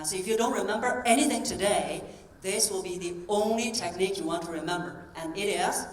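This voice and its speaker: A woman voice coach giving a keynote talk to a convention audience, animated and demonstrative, asking the crowd questions. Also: medium pitch. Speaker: voice coach and speaker. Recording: roomy echo from a distance, faint ambience.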